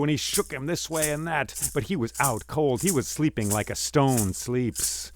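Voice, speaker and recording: A male storyteller telling an ancient myth in a dramatic way, dropping to a hush and rising loud. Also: medium pitch, moderate pace, few pauses, soft background music. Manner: dramatic, swings from hushed to loud.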